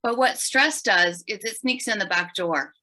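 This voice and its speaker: Bright-voiced woman telling her story. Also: mid-range voice, measured pace, rough recording. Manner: animated, emphatic storyteller. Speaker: podcast guest. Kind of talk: storytelling in an interview.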